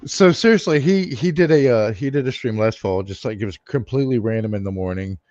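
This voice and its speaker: A man's voice: mid-range voice, a little fast, darkish tone, no echo, dull audio. A man in casual chat, eagerly retelling a friend's fishing feat with teasing humour.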